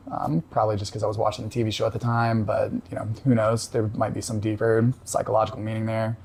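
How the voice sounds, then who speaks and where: A man calmly recounting a personal story in casual conversation, reflective, with frequent pauses and fillers. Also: lowish voice. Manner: reflective, halting with many fillers. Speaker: podcast guest.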